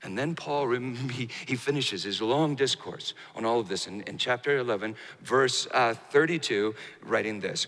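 A man preaching a sermon, telling a story with emphatic rises and hushed, slow passages. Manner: storytelling, swinging from raised emphatic bursts to hushed, low, slow delivery. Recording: hall reverb.

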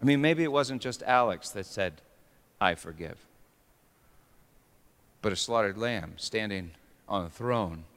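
A man preaching a sermon with dramatic swings between hushed storytelling and sudden shouts. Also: lowish voice, normal speed, clear, resonant tone. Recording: long reverb of a large hall.

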